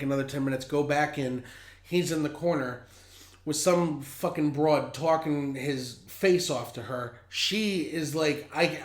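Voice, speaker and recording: A man with a slightly high voice tells a long story on his podcast, blunt and fired up, swearing freely. The recording has a roomy echo. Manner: profane, heated, blunt. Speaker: podcast host. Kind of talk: casual storytelling.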